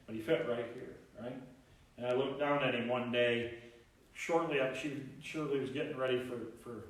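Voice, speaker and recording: Male pastor, lively sermon delivery, voice at middle pitch, recorded from a distance in a very echoey sanctuary. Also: normal speed. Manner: animated, acts out voices in Bible stories. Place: church sanctuary. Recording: very echoey church, mic at distance.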